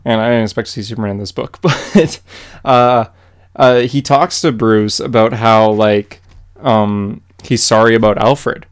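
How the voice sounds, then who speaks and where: Young male podcast co-host, smooth clear voice, easygoing chatty recaps. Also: on the low side, a little slow. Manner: animated, filler-heavy comic recaps. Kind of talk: casual chat.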